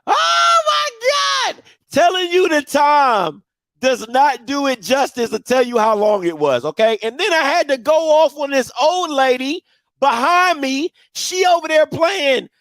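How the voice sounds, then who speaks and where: A man, hosting a live show and telling a story in casual chat, animated and swinging from loud outbursts to low murmurs. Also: unhurried, no room sound. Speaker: podcast host.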